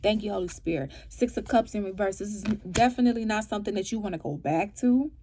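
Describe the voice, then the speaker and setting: A woman giving a casual tarot reading to her viewers. She asks animated rhetorical questions and keeps checking in with "right?" and "okay?". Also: mid-range voice, fast, a little hiss or hum. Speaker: tarot reader.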